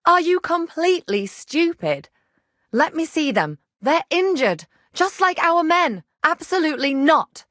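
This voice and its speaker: A woman's voice: mid-range voice, moderate pace, dry recording, clean studio sound, lightly acted. A woman playing a feisty young herbalist healer. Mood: angry.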